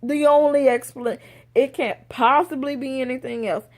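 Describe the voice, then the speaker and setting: Lively young woman telling a story. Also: high-pitched, normal speed. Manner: animated, acts out quoted voices. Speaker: vlogger. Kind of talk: casual storytelling.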